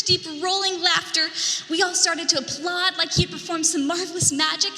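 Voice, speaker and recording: Female merchant storyteller, animated and theatrical, bright tone, long church reverb. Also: sits high. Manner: animated, dramatic storytelling with whispered asides. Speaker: merchant character in a church drama. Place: church sanctuary.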